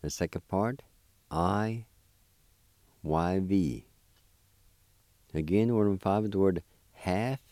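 A man hosts a vocabulary lesson, spelling and repeating each word slowly for learners. His voice is deep, dark and mellow. It sounds dry and close. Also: dry recording. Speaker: language teacher. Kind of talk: slow spelled-out language lesson.

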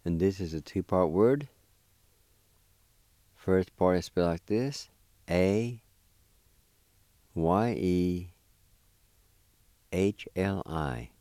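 Deep slow patient male language teacher. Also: animated, mellow, no echo, clean studio sound. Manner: spells and repeats words slowly and patiently. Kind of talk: slow spelled-out language lesson.

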